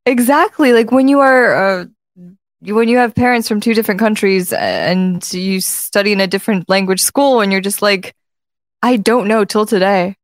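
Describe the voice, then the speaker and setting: A woman's voice: mid-range voice, moderate pace, no room sound. Playful young woman, dry and close. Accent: American-leaning non-native English. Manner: lively, playful, laughing. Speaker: co-host. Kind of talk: casual chat.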